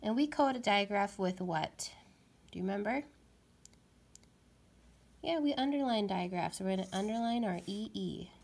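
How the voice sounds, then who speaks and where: A young adult woman teaching a phonics lesson to young children, speaking clearly and encouragingly. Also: medium pitch, normal speed, hardly any pauses, a little mellow.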